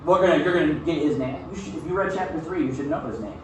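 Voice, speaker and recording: A man's voice: on the high side, quick pace, a little hiss or hum. A male teacher reads a novel aloud to his class and then talks it through in a casual way, often checking in with "okay?". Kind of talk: reading aloud and class discussion. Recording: very echoey room, far from mic.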